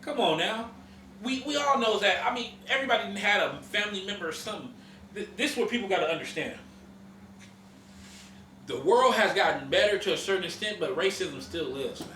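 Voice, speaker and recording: Dude ranting and cussing on a podcast, high bright voice, echoey room, mic kinda far off. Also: male voice, expressive, fairly quick, a little hiss or hum. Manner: profane, ranting, emphatic. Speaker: podcast host. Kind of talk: heated casual chat.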